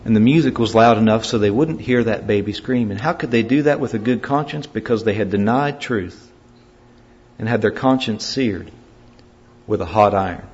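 A man's voice: fairly low pitch, normal speed. Emphatic preacher man, lo-fi sound. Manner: dynamic, swings from loud emphatic to quiet grave. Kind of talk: sermon. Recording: dull lo-fi recording.

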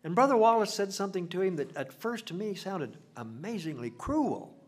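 An older man preaching a sermon, swelling loud for emphasis and dropping to a near hush. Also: sits high, expressive, fairly quick. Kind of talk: sermon with invitation.

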